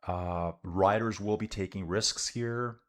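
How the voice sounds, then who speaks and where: A man's voice: lowish voice, takes it slowly. A man giving casual live commentary on a bike race for a stream, reading viewer comments and calling out to his viewers as guys and dude. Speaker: livestream cycling commentator.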